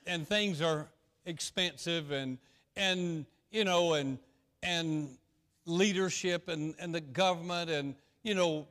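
Folksy preacher man in a reverberant church. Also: a little high. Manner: folksy, repetitive, swings between loud and hushed. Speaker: pastor. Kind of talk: sermon.

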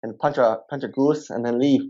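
A man with a husky, slightly rough voice, tossing in dry, quick jokes during a casual podcast chat. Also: mid-range voice, fairly even intonation, warm tone, lo-fi sound. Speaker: podcast co-host.

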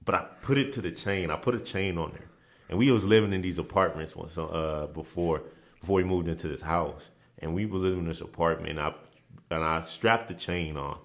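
Very deep-voiced man telling stories. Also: a little fast. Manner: relaxed, with frequent restarts and repeated phrases. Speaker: interview guest, former basketball player. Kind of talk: casual storytelling in a podcast interview.

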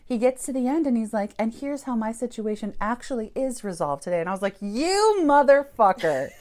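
A woman's voice: a little high, quick pace, a little mellow. A woman who founded a church, telling her story candidly in an interview, swearing and laughing as she goes.

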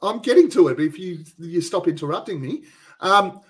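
An Australian man hosts a casual podcast, trading sweary jokes and laughing often. His speaking voice sits slightly higher than most men's. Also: lively intonation, moderate pace. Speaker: podcast host. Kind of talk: casual chat.

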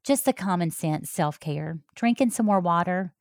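A woman's voice: fairly low pitch, animated, normal speed, dry recording, clean studio sound. A middle-aged woman, a health coach talking to her listeners in a folksy, heartfelt way. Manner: warm, folksy, talks straight to listeners. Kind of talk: heartfelt personal talk.

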